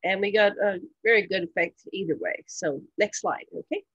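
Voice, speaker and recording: A woman's voice: medium pitch, normal speed, slightly rough, no echo, lo-fi sound. A woman presenting a workshop in a casual, rambling way with many fillers and restarts.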